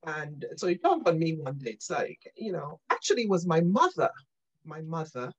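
A woman being interviewed on a podcast, telling animated stories about her career and often checking in with "right?" and "you know". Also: low voice, normal speed, breathy edge, dull audio. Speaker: guest.

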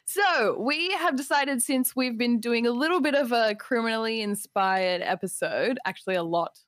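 A woman's voice: on the high side, moderate pace, a bit bright, no echo, clean studio sound. A woman co-hosting a podcast in casual chat, giggly and bubbly, laughing often. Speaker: podcast co-host.

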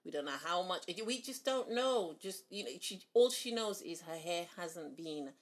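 A woman talks in a slightly low voice, chatting casually as a hair stylist. She tells her stories in an animated way, often restarting her sentences. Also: normal speed. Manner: animated storyteller, acts out quotes, frequent restarts. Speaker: hair stylist and podcast co-host. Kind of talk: casual chat.

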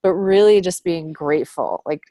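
Low-pitched woman, earnest and reflective, casual talk, dry sound. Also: moderate pace, mellow, dry recording. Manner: earnest, reflective, laughs often. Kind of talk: casual conversation.

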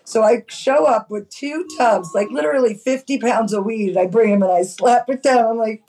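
A middle-aged woman from New York City, a cannabis farmer telling stories in a chatty, animated way as a podcast guest. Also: fairly high pitch, moderate pace, poor audio. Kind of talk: casual storytelling.

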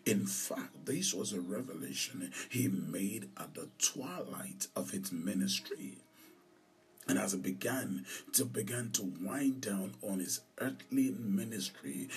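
A man who is a pastor and podcast host, preaching a sermon slowly and emphatically, repeating key lines and dropping into whispers. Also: lowish voice, lively intonation, recorded from a distance.

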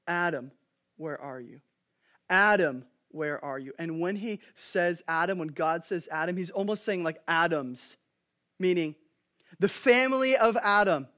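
A pastor in his thirties preaches a sermon, telling family stories with animated swings between hushed and loud. His voice is on the high side, and he keeps a moderate pace.

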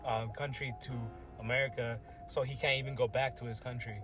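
A man's voice: mid-range voice, fairly even intonation, brisk, over music. A young man co-hosting a casual podcast chat, slangy and swearing, laughing often. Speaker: podcast co-host.

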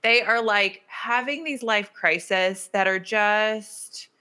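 Woman co-host, mid-pitched bright voice, enthusiastic, drops in quick agreements. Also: smooth. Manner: agreeable, frequent short affirmations, enthusiastic. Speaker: podcast co-host. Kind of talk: casual chat recapping a TV series.

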